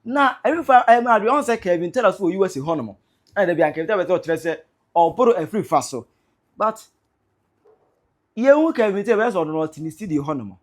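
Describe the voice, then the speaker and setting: Ghanaian woman, online commentator, excitable and mocking, very expressive delivery. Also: fairly low pitch, a little fast. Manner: excitable, teasing, reads out viewer comments. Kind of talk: animated commentary vlog.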